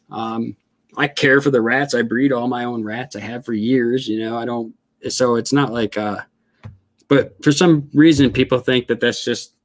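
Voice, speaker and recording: A laid-back middle-aged man with an Upper Midwest accent talks casually in a vlog, chatting to the snakes he is handling. His voice sits at an ordinary middle pitch for a man, and he laughs easily between loose, rambling sentences. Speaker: reptile breeder and channel host.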